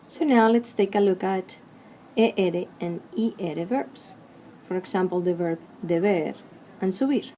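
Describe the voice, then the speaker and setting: Female language teacher, mellow tone, measured drilling delivery, faint hiss behind. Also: lowish voice. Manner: slow, clear drilling of verb forms. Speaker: Spanish teacher. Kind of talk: recorded grammar lesson.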